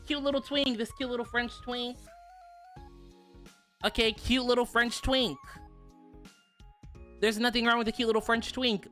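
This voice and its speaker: A young adult woman chatting casually on a stream, animated, profane and quick to laugh. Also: medium pitch. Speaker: virtual streamer.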